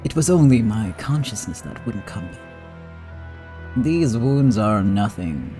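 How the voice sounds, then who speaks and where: A man voicing a cocky male crime boss who speaks slowly and mockingly, in a game playthrough. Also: on the low side, lively intonation, dark tone, soft background music. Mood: smug.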